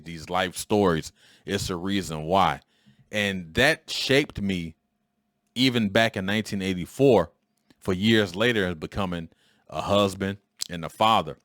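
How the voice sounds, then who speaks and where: A man in his forties with a low-pitched voice tells a story on his podcast. He talks in a loose, rambling way, full of fillers and restarts. The sound is dry and close. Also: fairly bright tone, dry recording. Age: 40s. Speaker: podcast host. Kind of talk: casual storytelling monologue.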